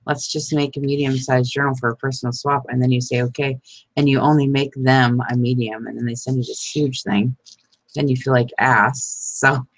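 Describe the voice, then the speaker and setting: A woman's voice: very deep voice, flat delivery, normal speed, no room sound, poor audio. A woman chatting casually to her viewers while making envelopes, laughing often and talking to them by name. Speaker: crafting vlogger. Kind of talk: casual crafting chat.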